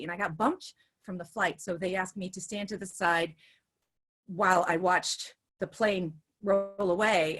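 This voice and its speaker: Brief woman in her 50s, excitable storyteller, restarts often, webinar guest on a video call. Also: medium pitch, husky. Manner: hyper, chatty, restarts a lot. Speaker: guest speaker, teacher. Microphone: video call with earbuds.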